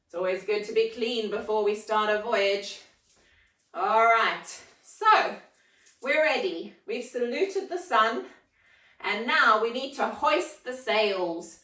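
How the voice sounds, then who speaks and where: A woman's voice: fairly high pitch, takes it slowly, pushed and bright, distant mic. A woman leading a children's yoga class, with encouraging, playful, sing-song instructions. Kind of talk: guided kids' yoga class. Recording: echoey room, voice from afar.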